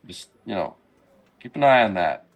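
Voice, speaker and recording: A man playing a tabletop game, chatting casually with lots of halting restarts and a teasing edge. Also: lowish voice, lively intonation, vocal fry. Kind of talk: casual tabletop role-play chat.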